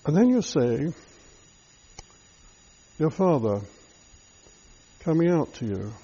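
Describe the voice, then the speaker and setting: A male preacher guides the listener through a scripture meditation, addressing them directly and reflectively. His voice is fairly high for a man, slow and mellow, and the recording is dull and lo-fi. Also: sing-song, husky.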